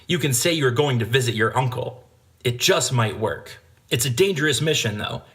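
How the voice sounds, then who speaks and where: A man doing a hushed, conspiratorial patriot. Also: medium pitch, expressive, normal speed, close to an everyday voice. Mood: serious. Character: cautious older male patriot schemer.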